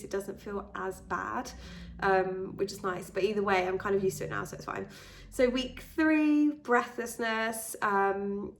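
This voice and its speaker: A British woman talks straight to camera in a casual vlog, her voice sitting at an ordinary middle pitch. She sounds congested from a cold, and her delivery is candid and rambling. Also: fairly bright tone. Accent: British English. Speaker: vlogger and fitness instructor. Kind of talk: casual pregnancy update vlog.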